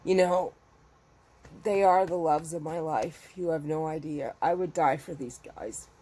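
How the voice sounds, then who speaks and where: Middle-aged lady rambling about her crochet projects, lowish voice, gets emotional easy. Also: a little slow, mellow, slightly rough. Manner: chatty, rambling, emotional, frequently laughing. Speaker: crochet vlogger. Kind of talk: casual chat. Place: home with her dogs.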